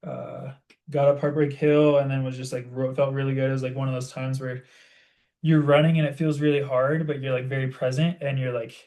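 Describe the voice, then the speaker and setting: A young man co-hosting a podcast, telling a story in animated casual chat and saying "like" constantly. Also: mid-range voice, brisk. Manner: animated storytelling, heavy use of "like". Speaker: podcast co-host.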